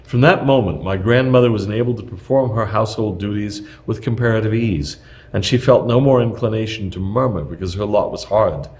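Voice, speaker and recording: Reading from a prepared historical script, this somewhat low-voiced man keeps a steady, measured pace, though he slips up slightly now and then.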